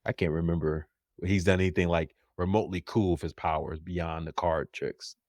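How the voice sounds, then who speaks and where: A man co-hosting a casual pop culture podcast, animated and quick to laugh. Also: low-pitched, no echo. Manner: animated, laughs often, jumps into silly voices. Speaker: podcast co-host.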